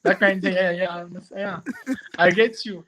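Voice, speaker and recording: A man, a comedian chatting in an interview, animated and quick to slip into French. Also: sits high. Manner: animated, switches into French and mimicry. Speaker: comedian guest. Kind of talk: casual interview chat.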